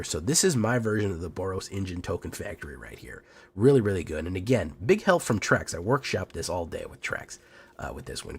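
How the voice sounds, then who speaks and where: A sick man with a hoarse, deep and raspy voice, chatting casually as a game streamer with many fillers and quiet trailing asides. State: hoarse from illness.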